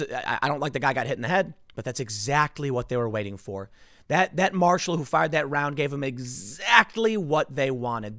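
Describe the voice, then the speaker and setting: A man's voice: a little high, fairly bright tone, no echo, studio quality. A man hosting casual political commentary, emphatic and exasperated in how he talks.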